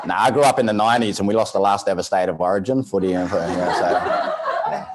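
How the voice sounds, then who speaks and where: A man with a South Australian accent speaks to a live audience in a studio. His fairly low voice carries a joking, chatty storytelling manner, full of restarts and chuckles. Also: fairly even intonation, quick pace, very noisy. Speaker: guest speaker. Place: studio event space.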